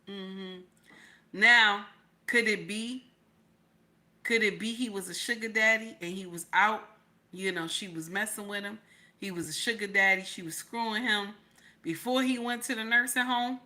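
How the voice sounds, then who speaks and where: A woman reacting live to a clip and reading her chat aloud, loud and laughing, repeating her questions over and over. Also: medium pitch, measured pace.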